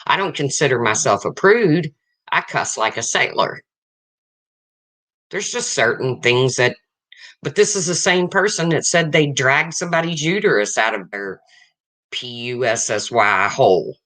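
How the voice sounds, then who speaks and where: A person in their fifties hosts a livestream and talks frankly to the chat. The voice is bright and forceful, and it swings widely in pitch. They keep circling back to the same points in plain, casual language. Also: lively intonation, unhurried. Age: 50s. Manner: blunt and frank, repeats points. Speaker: livestream host.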